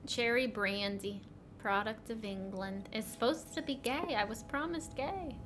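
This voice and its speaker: A woman's voice: a little high, unhurried, fairly bright tone, slight background noise. A woman streaming a game, reading its text aloud with wry asides and the occasional whisper.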